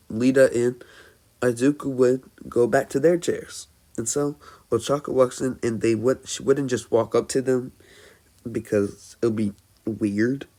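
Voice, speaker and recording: Halting man narrating a fan story. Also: mid-range voice. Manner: halting, many fillers and restarts. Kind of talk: improvised fan-fiction narration.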